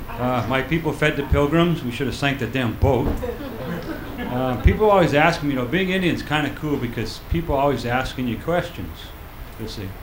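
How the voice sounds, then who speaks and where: An older man performing a stand-up comedy set on a club stage, telling stories in a deadpan way and acting out the quotes. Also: medium pitch, normal speed, crowd noise. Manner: deadpan storytelling with acted-out quotes. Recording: roomy live club recording.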